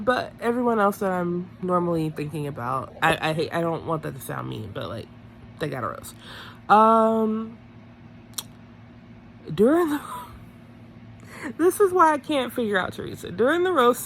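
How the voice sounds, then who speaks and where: A woman's voice: mid-range voice, fairly bright tone, slight background noise. A woman chatting casually through a TV episode recap, gossipy and full of "like"s, often correcting herself mid-sentence. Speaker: reality TV recap vlogger.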